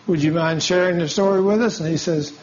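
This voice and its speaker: A high-pitched man preaches in a folksy storytelling manner, acting out every exchange of the conversation. The recording is dull and lo-fi. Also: brisk, a little mellow. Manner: tells stories acting out dialogue, folksy. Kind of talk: sermon storytelling. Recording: dull lo-fi sound.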